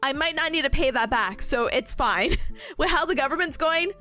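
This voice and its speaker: A woman's voice: high voice, normal speed, soft background music. A young woman streaming a study session, chatting casually with her viewers, laughing often and rambling between stories. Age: young adult. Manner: laughs often, talks to chat, lively and rambling. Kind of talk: casual live-stream chat.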